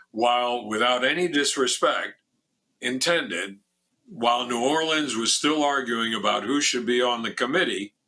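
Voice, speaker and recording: An older Miami man who once led a foundation tells lively stories as a radio interview guest. His bright, husky voice is medium in pitch; he frequently restarts and puts on a raised voice to quote others.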